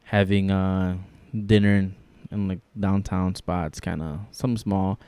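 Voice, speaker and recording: A man's voice: low-pitched, little pitch movement, unhurried, mellow, smooth, no room sound. A man in his thirties from Chicago, co-hosting a podcast in loose, rambling casual chat with plenty of swearing. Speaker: podcast co-host.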